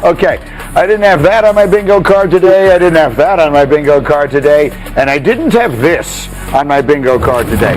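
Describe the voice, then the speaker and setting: Male sports talk host, high voice, playful and chatty, faint music underneath. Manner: playful, laughing, conversational. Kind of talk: morning sports talk show.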